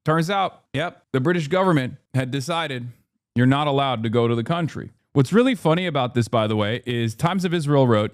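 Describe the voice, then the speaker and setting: A man ranting on a stream, indignant and fired up, often restarting his sentences. His voice sits at a middle pitch, and the sound is dry and close with no room echo. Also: expressive, brisk. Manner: heated, indignant, frequent restarts and fillers. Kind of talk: political commentary stream.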